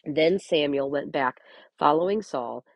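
A woman's voice: low-pitched, unhurried, dry recording, muffled recording. A woman hosting a Bible reading podcast, reading scripture aloud and breaking in with earnest, chatty commentary. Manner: earnest, chatty asides between read passages.

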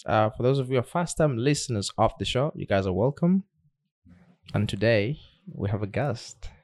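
A man's voice: medium pitch, normal speed, dry recording, studio quality. Laid-back guy hosting a podcast, kinda stumbly, repeats himself. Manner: relaxed, stumbles and repeats words. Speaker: podcast host. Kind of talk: casual interview chat.

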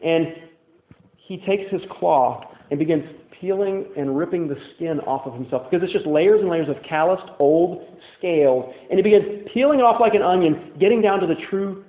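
A man's voice: sits high, moderate pace, echoey room, phone-quality sound. A man preaching a sermon as a pastor, telling candid personal stories in a conversational way full of "like" fillers. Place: church.

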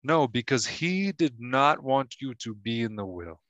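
A man playing a boastful Russian immigrant husband with a Russian accent, talking in a deadpan, needling way. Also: mid-range voice, measured pace, dry recording, muffled recording. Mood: smug teasing. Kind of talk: comedy sketch acting.

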